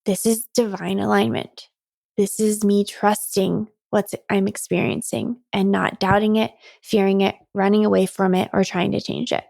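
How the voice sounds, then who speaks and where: Candid woman podcaster with a gravelly edge. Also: mid-range voice, level tone, moderate pace, darkish tone, no room sound, clean studio sound. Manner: candid, chatty, many "like"s, laughs often. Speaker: podcast host and coach. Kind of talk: reflective solo podcast talk.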